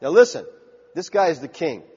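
Male preacher, emphatic sermon, somewhat high voice, husky, lo-fi, long hall reverb. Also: very animated, normal speed, darkish tone.

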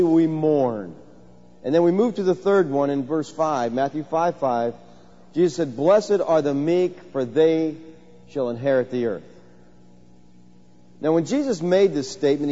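A male pastor delivers a sermon in an easy, conversational way, telling stories and asking his listeners questions. His voice is mellow and somewhat high. The recording is dull and lo-fi, with long reverb from a large church hall. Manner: conversational, storytelling, asks the congregation questions.

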